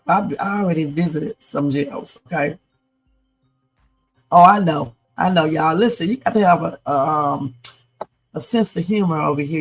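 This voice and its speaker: A woman with a lowish, husky voice hosts a late-night livestream, sounding tired yet playful. She chats loosely, rambles, and jokes around in a silly way while signing off, and the audio quality is poor.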